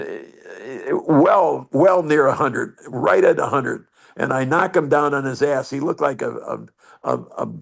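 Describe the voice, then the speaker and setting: Joining a video call as a guest storyteller, an older man rambles through salty anecdotes. His voice is on the high side with a gravelly texture.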